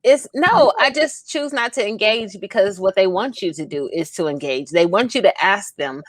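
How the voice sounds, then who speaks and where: A woman co-hosting a casual talk show, frank and quick to laugh, often acting out what people say to her. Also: medium pitch, animated, dry recording. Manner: laughing, frank, acts out voices of people she quotes. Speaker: co-host.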